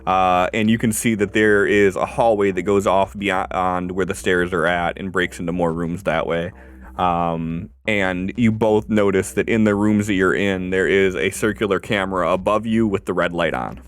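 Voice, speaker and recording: A man running a tabletop game as game master, narrating in a halting way full of ums and uhs. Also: sits low, steady tone.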